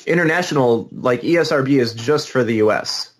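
A male podcast co-host talking in easy, casual chat at a middle pitch. He teases his partner and speeds up in quick, animated bursts. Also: slight background noise.

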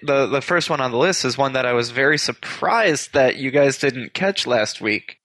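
A man's voice: mid-range voice, lively intonation, moderate pace, a bit bright, a little hiss or hum. A man hosting a podcast in casual chat, rambling and correcting himself as he talks. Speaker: podcast host.

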